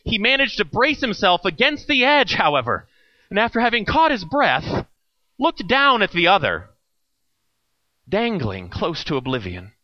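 High, lively male storyteller. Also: unhurried, no room sound, highs cut off. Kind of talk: reading a parable aloud.

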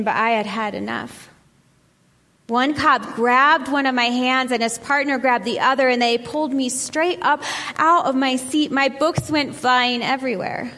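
A woman giving an earnest, measured talk and reading a first-person account aloud, slowing on key phrases for emphasis. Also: high-pitched, fairly bright tone. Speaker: speaker reading a memoir aloud. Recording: long hall reverb.

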